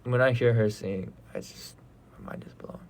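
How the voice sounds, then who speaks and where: A man's voice: mid-range voice, fairly even intonation, normal speed, vocal fry, a little mellow, a little hiss or hum. A young man in his twenties hosting a casual livestream, chatting easily and thinking aloud between songs. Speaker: idol livestream host.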